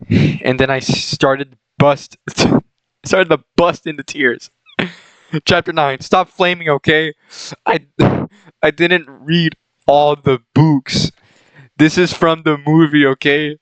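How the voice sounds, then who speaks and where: A man's voice: medium pitch, clean tone, dry recording, poor audio. A young man who reads a fan fiction aloud as a comedy bit. He keeps breaking into giggles, stumbles over words and corrects himself. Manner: stumbles and corrects his reading. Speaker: channel host reading fan fiction. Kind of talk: comedic reading aloud with commentary.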